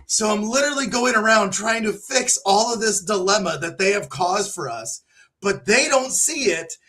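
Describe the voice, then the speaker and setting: A man co-hosting a casual podcast chat, telling animated stories and swearing freely. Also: sits high, normal speed. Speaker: podcast co-host.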